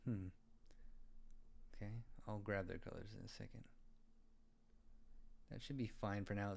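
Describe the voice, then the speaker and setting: A man's voice: lowish voice, a little slow, creaky, long pauses, a little mellow. A man thinking aloud and muttering to himself as he designs a web page in a casual screen-recording tutorial.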